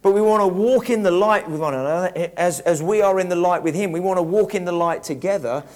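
A man's voice: sits high, brisk, a little mellow. A man preaching a conversational, reflective sermon, often restarting his sentences. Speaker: pastor.

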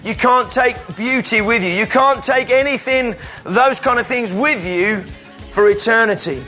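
A man preaching an energetic sermon in church, calling volunteers up and sometimes breaking into shouts. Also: extremely high pitch, a little slow, faint music behind. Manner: energetic, calls out to the crowd, bursts into shouts.

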